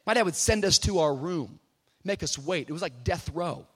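A young man with a high, light voice preaches to a live church audience. He starts with loose, funny storytelling and rises into fervent preaching, his lines at times half sung. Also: expressive, moderate pace, fairly bright tone, breathy edge, big-room sound. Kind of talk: sermon.

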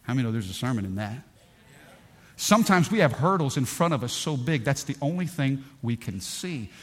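A middle-aged man preaching a sermon in a church. He tells stories with energy, swings between loud bursts and hushed lines, and calls out to the congregation. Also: mid-range voice, big pitch swings, a little fast. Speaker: pastor.

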